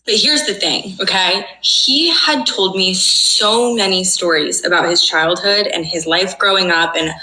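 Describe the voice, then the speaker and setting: A woman's voice: fairly low pitch, sharp tone, echoey room, poor audio. A young woman telling a dramatic personal story, emphatic and swearing, often checking in with "okay?". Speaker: storyteller in a played clip.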